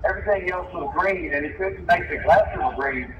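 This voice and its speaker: A man's voice: sits high, normal speed, muffled recording. A man from Texas hosting a call-in stream, chatting casually and reeling off trivia questions. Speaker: host taking phone calls. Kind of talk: casual chat. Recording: distant mic with faint background noise.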